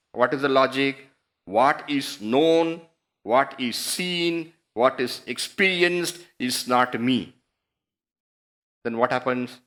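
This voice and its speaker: A man's voice: mid-range voice, fairly bright tone. A man giving a spiritual discourse, teaching through rhetorical questions and emphatic repetition. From India.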